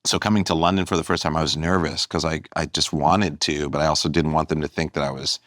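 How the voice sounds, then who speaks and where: A male guest comedian talking in casual conversation, rambling and animated with many restarts. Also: a bass voice, fast, no room sound, studio quality.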